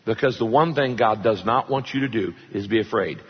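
A man's voice: on the low side, fairly quick, a little hiss or hum. A man preaching a sermon, joking with the congregation and reading scripture with dramatic emphasis. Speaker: pastor. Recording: long hall reverb, dull lo-fi sound.

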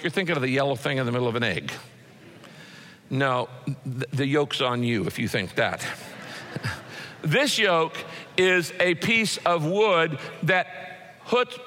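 A man's voice: on the high side, fairly bright tone, big-room sound. A man preaching a sermon as pastor, folksy and punchy, building emphasis as he speaks.

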